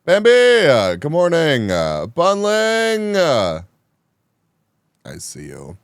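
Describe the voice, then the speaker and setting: A man streaming live, chatting casually with his viewers, animated and quick to laugh, sounding a bit groggy after a nap. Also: on the high side, clean tone, no echo, clean studio sound. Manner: animated, reactive, laughs often. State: groggy after just waking. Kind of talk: casual chat, reading chat live.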